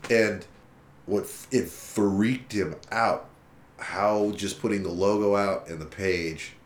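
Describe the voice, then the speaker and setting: A man's voice: on the low side, slow, roomy sound. A man telling a long story in a casual interview, swearing freely and acting out what others said. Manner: profane, animated retelling with quoted dialogue. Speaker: musician guest.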